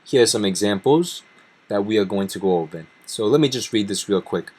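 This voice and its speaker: A man's voice: fairly low pitch, expressive, brisk, a little mellow. A man teaching a language lesson, explaining grammar step by step and reading example sentences aloud. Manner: methodical, reads Spanish examples aloud between English explanations. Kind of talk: explaining grammar over slides.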